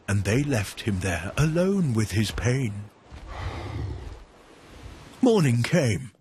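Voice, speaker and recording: Slow, lively male storyteller. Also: mid-range voice, slight background noise. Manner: expressive, drawn-out, emphatic. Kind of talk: dramatic storytelling narration.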